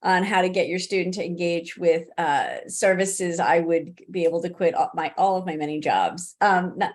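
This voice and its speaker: A middle-aged woman answering interview questions as a college disability services expert, talking conversationally with many restarts and fillers and laughing easily. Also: lowish voice.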